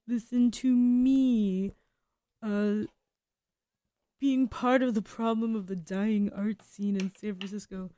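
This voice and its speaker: A young woman hosts a radio show in a rambling, self-mocking monologue, drifting off mid-thought and chuckling at herself. Her voice sits a little high, and she takes her time, drawing out words at a slow, meandering pace. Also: steady tone, dark tone. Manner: self-deprecating, scattered, laughing and trailing off.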